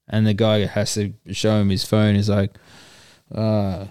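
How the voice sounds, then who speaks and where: A man's voice: lowish voice, completely flat delivery, a little slow, warm tone, clear, resonant tone, no echo, studio quality. A man, rambling through a crude anecdote and acting out the people in it. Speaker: storyteller guest. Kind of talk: casual podcast chat.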